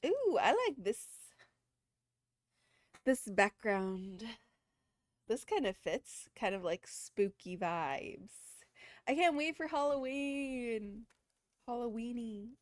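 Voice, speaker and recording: A woman's voice: fairly high pitch, no echo, clean studio sound. A woman chatting casually with her viewers on a live stream, rambling from one thing to the next.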